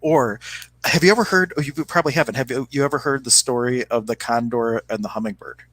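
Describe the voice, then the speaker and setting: Brief: male podcast co-host, mid-pitched voice, relaxed and animated storyteller with lots of fillers. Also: fast talker, no echo, poor audio. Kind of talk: casual spiritual chat and storytelling.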